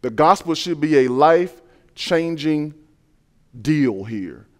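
A man preaching a sermon in an earnest, conversational way, dropping to quiet asides and building to loud emphasis. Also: expressive, slow pace, big-room sound. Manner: earnest, swings between soft low asides and loud rising emphasis; conversational, uses everyday scenarios and repeats key phrases.

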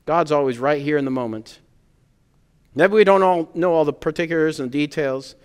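A pastor preaches earnestly to his congregation, pressing his points with emphasis and then easing down to a hushed, quiet delivery. His voice is smooth and resonant and sits a bit high for a man. The recording carries the long reverb of a church hall. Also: normal speed. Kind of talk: sermon. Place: church sanctuary.

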